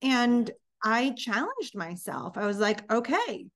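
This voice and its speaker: A woman in her thirties, a business founder, telling her story in an interview with lively, acted-out dialogue. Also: mid-range voice, measured pace. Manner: animated, acts out dialogue in storytelling.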